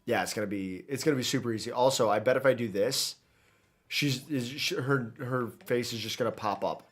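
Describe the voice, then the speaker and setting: A man's voice: mid-range voice, a little fast, breathy edge. A man giving casual, rambling commentary while streaming a game, chatty and self-interrupting, into a desk mic.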